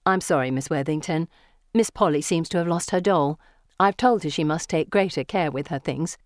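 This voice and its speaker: A woman's voice: low voice, moderate pace, no echo, clean studio sound, lightly acted. A woman reading an audiobook, voicing a prim, polite Victorian governess. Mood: apologetic.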